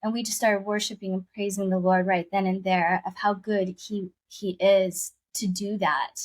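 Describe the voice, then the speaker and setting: A woman's voice: medium pitch, flat delivery, normal speed. A woman guest telling a personal story in conversation, earnest and emotional, often repeating her phrases.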